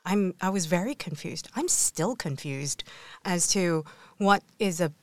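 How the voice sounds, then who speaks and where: A woman's voice: fairly low pitch, expressive, measured pace, no room sound. A woman culture reporter speaking thoughtfully, hedging her points in a casual discussion.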